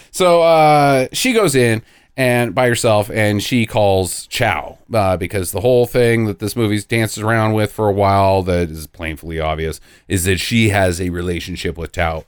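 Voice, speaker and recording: A man's voice: deep voice, moderate pace, smooth, dry recording, clean studio sound. A man casually recapping a movie plot with jokes, lots of fillers and a rambling manner.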